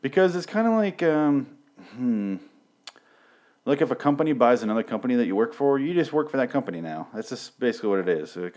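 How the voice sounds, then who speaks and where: A man's voice: medium pitch, big pitch swings, a little fast, darkish tone. A young man casually recapping TV episodes, swearing often and rambling sarcastically with lots of fillers.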